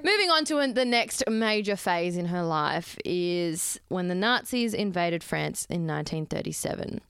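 Smooth-voiced woman telling a story. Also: on the low side, a little slow, no room sound, studio quality, faint music behind. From Australia. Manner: chatty storyteller, playful asides. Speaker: podcast co-host telling a history story. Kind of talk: casual chat.

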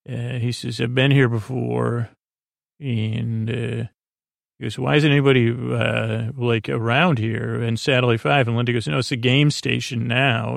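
A man hosting a sleep podcast, retelling a TV episode in a meandering, low-key way. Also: creaky, no room sound, studio quality. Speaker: podcast host. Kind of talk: relaxed plot recap for a sleep podcast.

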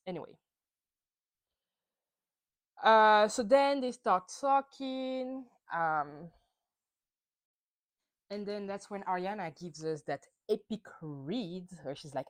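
A woman's voice: medium pitch, expressive, takes it slowly, long pauses, low-quality recording. A young woman hosting a solo podcast, recapping reality TV in a heated, profane rant. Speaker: podcast host.

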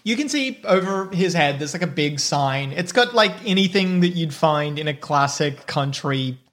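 A man running a tabletop game as game master, narrating in a relaxed, descriptive way. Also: a little high, moderate pace.

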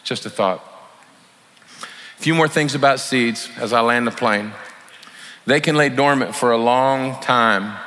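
A man's voice: mid-range voice, a little slow, pauses often, sharp tone. A man preaching a sermon in a folksy, conversational way, acting out heartfelt apologies as examples. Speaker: pastor. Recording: long hall reverb, faint room noise.

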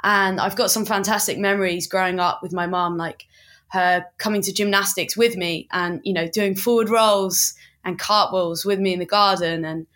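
Young woman, bright sharp voice, rambly chatty guest, lots of likes and ums. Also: mid-range voice, steady tone, moderate pace. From England. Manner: chatty, full of "like" and "um" fillers. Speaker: Olympic athlete guest. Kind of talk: casual chat.

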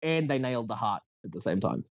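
Laid-back young New Zealand man, lively voice. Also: mid-range voice, quick pace, no echo. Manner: laid-back, rambling, laughs often. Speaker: podcast guest. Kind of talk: casual chat.

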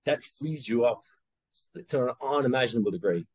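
Brisk and lively in intonation, an Irish man with a mid-range, breathy-edged voice speaks as a guest entrepreneur in a conversational interview, recorded dry. He wanders and interrupts himself, staying candid and swearing casually.

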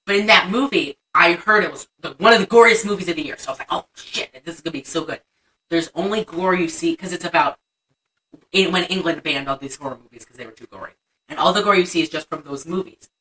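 Bright-voiced young woman recapping a film. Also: fairly low pitch, fast, far from the mic, low-quality recording. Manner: animated retelling, acts out lines. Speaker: podcast co-host. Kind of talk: casual movie chat.

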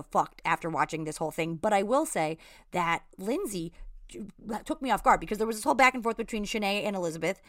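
A woman's voice: mid-range voice, a bit bright, no room sound, studio quality. A woman co-hosting a casual podcast recap, talking in long rambling runs full of "like" and "you know what I mean.". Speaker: podcast co-host.

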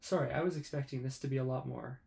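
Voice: mid-range voice, fairly even intonation, quick pace, gravelly, darkish tone. Rambling, slangy sketch performer. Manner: loose, rambling, casual slang. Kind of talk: improvised comedy sketch.

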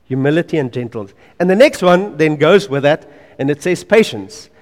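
A man preaching a sermon in an earnest, emphatic way. He repeats key phrases and drops to quiet asides. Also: a little high, animated, moderate pace, in a large hall.

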